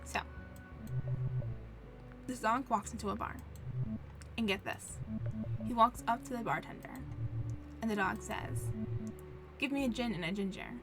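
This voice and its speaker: A woman's voice: a little high, a little slow, long pauses, over music. Woman doing an eager, goofy ghost dog. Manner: eager, innocent, chatty. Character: cheerful simple-minded male ghost dog.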